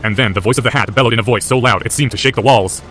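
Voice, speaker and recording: A man's voice: mid-range voice, racing, a bit bright, soft background music. A man narrating a story aloud as an audiobook, intense and driven. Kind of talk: audiobook narration of fan fiction.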